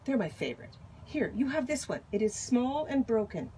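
Woman reader as wise storybook panda: gentle, unhurried, a little playful, lively pitch. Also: slight background noise. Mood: greedy fussing. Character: calm wise male giant panda.

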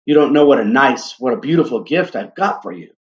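A man's voice: animated, brisk, close to an everyday voice. A young wife pleads in a lifted, earnest voice, as a male reader puts her on. She sounds anxious as she begs to be forgiven. The recording is dull and lo-fi. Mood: pleading. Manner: raised pitch, earnest and pleading.

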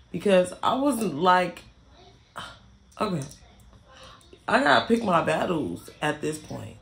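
Young woman vlogger, gravelly voice, swearing freely through a casual storytime. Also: lowish voice, sing-song, slow, long pauses, a bit bright. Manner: blunt, heavily profane, repeats herself for emphasis. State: irritated.

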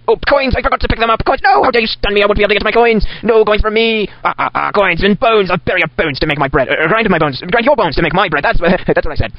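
A man's voice: sits high, fast talker, few pauses, no echo. A man giving in-character game commentary as an insane Santa, cackling and ranting in a manic way, on a sped-up home recording. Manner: manic, cackling, putting on a crazed Santa persona. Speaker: gamer playing in character. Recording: dull lo-fi sped-up desktop recording.

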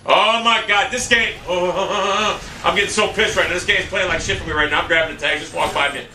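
A man commentating on his own game play, cursing and taunting, dropping to mutters, then shouting in bursts. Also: fairly even intonation, normal speed, slight background noise. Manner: swings from low muttering to loud shouted outbursts; profane, taunting. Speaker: gameplay commentator. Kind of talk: angry live game commentary. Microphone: room mic with webcam on him. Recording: echoey room, mic far off.

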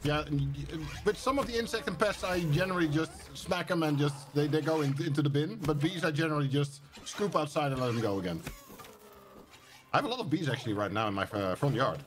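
A man's voice: on the high side, animated, a little fast. A man chatting casually with friends while playing a game together. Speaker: gaming co-player. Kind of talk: casual chat while gaming.

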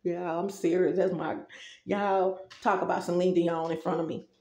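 A woman's voice: lowish voice, little pitch movement, moderate pace, warm tone, roomy sound. A woman vlogger giving casual spiritual advice, chatty and rambling, talking straight to her viewers.

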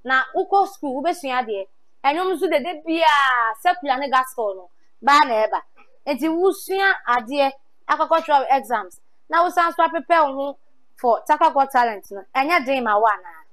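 High-voiced Ghanaian woman interviewer. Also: moderate pace. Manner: lively, repeats answers back, mixes in English. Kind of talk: on-the-spot talent show interview.

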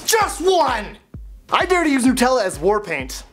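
A man's voice: very high-pitched, wildly swooping pitch, unhurried, music in the background. A young man hosting a comedic dare vlog and making goofy, wry asides. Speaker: host of a dare show.

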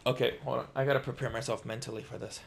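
A man's voice: mid-range voice, little pitch movement, rapid-fire, gravelly, background noise. A young man playing a horror game and chatting to viewers. He gets jumpy and talks to himself as he plays. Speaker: gaming streamer. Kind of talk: casual let's-play commentary.

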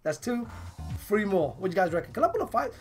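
A woman with a hoarse, partly lost voice giving casual commentary on her game pulls, excitable and bursting into laughs and shouts. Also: mid-range voice, fast, faint music behind. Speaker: gaming channel host.

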